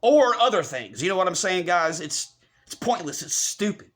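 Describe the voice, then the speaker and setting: A man's voice: high-pitched, lively intonation, normal speed, a bit bright. A man vlogging an angry, heated rant to his viewers, profane and repeating himself.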